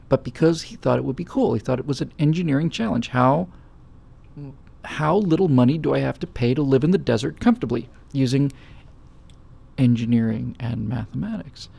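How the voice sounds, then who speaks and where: Male host, middle-aged, very gravelly and husky, casual rambling chat. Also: mid-range voice, mellow. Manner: rambling storytelling with many fillers. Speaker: show host. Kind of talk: casual talk-show chat.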